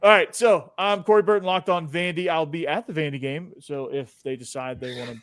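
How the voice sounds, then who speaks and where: Easygoing man, a bit high, dry sound. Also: steady tone, brisk, a bit bright, dry recording. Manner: easygoing, trails off with fillers. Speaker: podcast host. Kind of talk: casual sports chat.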